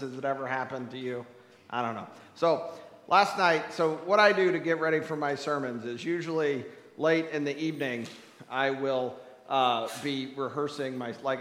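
A man preaching a sermon as pastor, playful and animated, with asides to the congregation. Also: medium pitch, slight background noise. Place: church sanctuary. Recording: echoey church hall.

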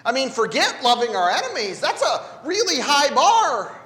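High, lively man preaching in an echoey hall. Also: moderate pace. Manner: conversational and playful, asks the congregation for responses. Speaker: pastor. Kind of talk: sermon. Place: church sanctuary.

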